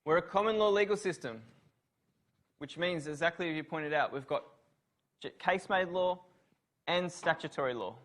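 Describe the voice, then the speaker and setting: Male lecturer, slightly higher voice than most men, runs a revision class and quizzes students. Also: normal speed, pauses often, fairly bright tone. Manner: quizzes students, praises answers. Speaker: law lecturer.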